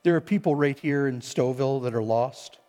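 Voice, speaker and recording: A man's voice: medium pitch, a little fast. Impassioned male preacher in a big hall. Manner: impassioned, swings between shouting and quiet. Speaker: pastor. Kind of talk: sermon. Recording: long hall reverb.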